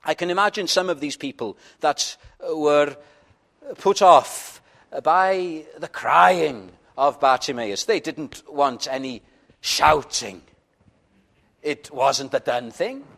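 Slow, earnest male preacher. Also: fairly high pitch, gravelly. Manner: earnest, pleading, pauses and drops to a quiet intimate tone. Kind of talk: sermon.

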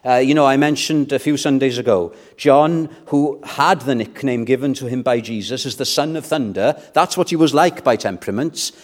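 A man preaching an evening sermon as pastor, measured in delivery and building to fervent exhortation. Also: medium pitch.

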